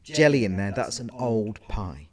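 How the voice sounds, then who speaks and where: A man's voice: lowish voice, expressive, a little slow, darkish tone. A man co-hosting a casual podcast as a caterer, explaining things in detail with asides and self-corrections. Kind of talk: casual chat.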